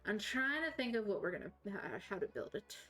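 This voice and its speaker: A woman's voice: mid-range voice, big pitch swings, brisk, bright, forceful tone, rough recording. A woman with a slight Southern US accent, chatting casually and rambling as a game streamer. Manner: rambling, self-correcting, chatty. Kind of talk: casual chat while playing.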